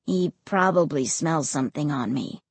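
A woman voicing a shy, wary young boy in a spoken story, quiet and guarded. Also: low-pitched, lively intonation, moderate pace, vocal fry, slightly rough, dry recording, voice pushed down, exaggerated voice.

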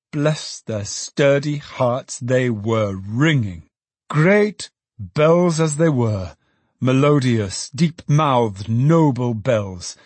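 A man narrating a classic novel in an expressive storytelling manner. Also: medium pitch, breathy edge, no echo. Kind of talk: audiobook narration.

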